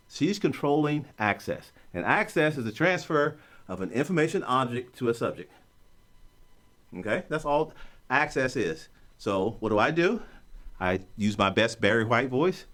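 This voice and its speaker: A man teaching an online course, explaining concepts in a joking, story-driven way. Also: normal speed. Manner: animated, joking storyteller with a lively pitch. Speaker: course instructor. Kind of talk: recorded online lecture.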